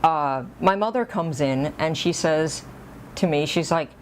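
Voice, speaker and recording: A woman's voice: sits low, measured pace, a little hiss or hum. A woman vlogger telling a personal story in a casual, rambling, self-deprecating way, with little chuckles.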